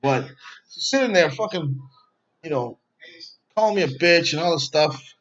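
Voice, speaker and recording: A man's voice: a little high, moderate pace. Cussing man ranting on a lo-fi home vlog. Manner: rambling, heavy profanity, animated retelling. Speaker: podcast host. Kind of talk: casual storytelling vlog. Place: his own home.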